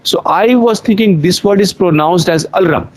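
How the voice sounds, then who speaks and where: A man's voice: sits high, normal speed, rough recording. A young adult man from India with an Indian accent, an English teacher answering interview questions in an earnest, explanatory way. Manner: earnest, explanatory, repeats points.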